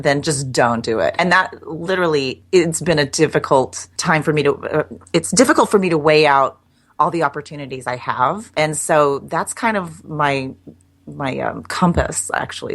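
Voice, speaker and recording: A middle-aged woman guest chatting in an interview, talking in a loose, self-deprecating way with frequent restarts. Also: sits low. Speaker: guest, copywriter. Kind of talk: casual interview chat.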